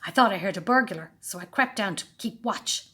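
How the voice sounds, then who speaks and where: A woman's voice: mid-range voice, brisk, fairly bright tone, breathy edge. A woman voicing a cheeky, bossy young boy who is rude and scheming, in a storybook reading.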